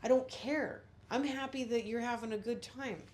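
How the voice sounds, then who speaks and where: A woman's voice: fairly high pitch, fairly even intonation, moderate pace, a little mellow, slight background noise. Blunt, foul-mouthed middle-aged woman. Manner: blunt, profane, rambling. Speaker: witch vlogger. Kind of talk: casual spiritual monologue.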